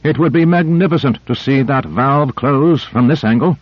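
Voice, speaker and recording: A man's voice: medium pitch, normal speed, no room sound, dull audio, voice pushed up, natural voice. A man doing an awed eager surgeon. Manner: excited, marveling.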